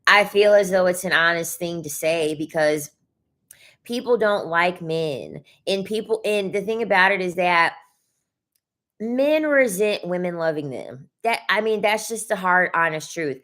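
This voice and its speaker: A woman's voice: fairly low pitch, measured pace, fairly bright tone. Blunt, cussing young woman streamer. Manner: blunt, profane, repeats points for emphasis. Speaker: livestream host reading chat. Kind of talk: casual livestream chat.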